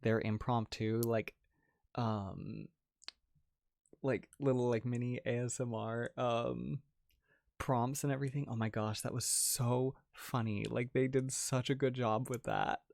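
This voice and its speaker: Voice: mid-range voice, steady tone, a little slow, creaky, darkish tone, no room sound, studio quality. A young adult ASMR creator hosting a casual livestream, chatting and reading out chat messages, with frequent giggles and a lot of "like". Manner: chatty, lots of "like" and restarts, giggles often.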